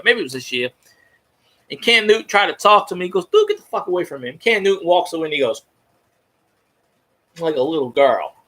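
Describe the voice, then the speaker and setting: A young man rants about sports in a high, bright voice with wide swings in pitch. He curses freely and trips over his words, restarting sentences again and again. The sound is sharp and animated throughout. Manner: animated, profane, stumbling restarts. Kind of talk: casual ranting sports chat.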